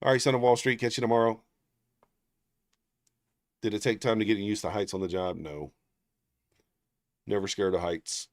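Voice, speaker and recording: Low-voiced man, rambling livestream chat. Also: expressive, brisk, pauses often, no echo, studio quality. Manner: rambling storyteller, heavy on fillers and restarts; reads viewer names aloud and thanks them. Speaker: livestream trading host. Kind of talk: casual livestream chat, answering viewers.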